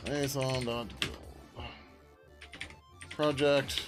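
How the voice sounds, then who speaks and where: A man who is a software developer streaming his work, chatting casually as he codes. He rambles, laughs often, answers his viewers and swears now and then. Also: medium pitch, measured pace, pauses often, over music. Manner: swears casually, many fillers. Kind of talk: casual live-stream chat while coding.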